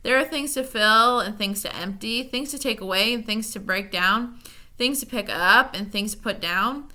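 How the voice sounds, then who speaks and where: A woman's voice: medium pitch, moderate pace. A woman voicing a scheming male demon of petty tasks, snarling and then coaxing. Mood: wheedling. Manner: snarling, then soft and wheedling.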